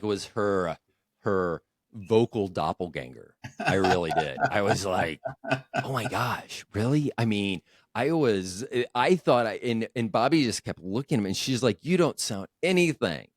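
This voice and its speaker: A man's voice: fairly low pitch, no echo, clean studio sound. A man hosting a casual podcast chat, rambling and joking at his own expense. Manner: joking, rambling, self-deprecating. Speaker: podcast host.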